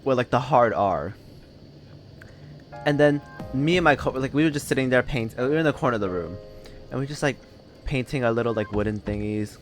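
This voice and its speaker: A young man chats casually while streaming a game, his stories wandering and packed with fillers. His voice sits at an everyday middle pitch, and quiet game music plays underneath. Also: fairly quick, pauses often. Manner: rambling, filler-heavy storytelling with frequent laughs. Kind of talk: casual chat while gaming.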